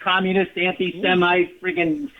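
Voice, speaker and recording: A man's voice: sits high, completely flat delivery, normal speed. A middle-aged man with a Boston accent, a guest comedian talking casually on a radio show, blunt and wry as he rambles through stories. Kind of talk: casual radio interview chat. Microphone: phone call into radio show. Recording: tinny phone line.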